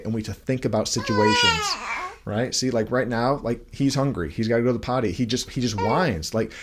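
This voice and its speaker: A young man giving an earnest devotional talk as a podcast host, asking many questions while holding his baby at home. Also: mid-range voice.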